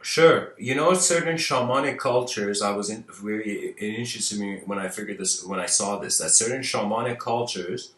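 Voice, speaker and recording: A low-voiced man who is a spiritual teacher, speaking loosely and circling back on himself as he answers questions. The sound is roomy and set a little back from the mic. His delivery wanders and keeps restarting. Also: moderate pace, few pauses, a bit bright, recorded from a distance. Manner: rambling, many restarts and "you know"s. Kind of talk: casual talk answering viewer questions.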